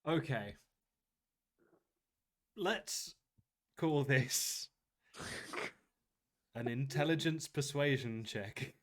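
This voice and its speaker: A man's voice: medium pitch, a bit bright. Easygoing man running a tabletop game. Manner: casual, halting, with many fillers and laughs. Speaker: game master.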